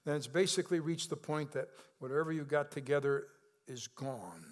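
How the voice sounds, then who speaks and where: A man preaching a sermon in a conversational way, asking the congregation questions and rising in pitch and volume when he stresses a point. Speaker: pastor.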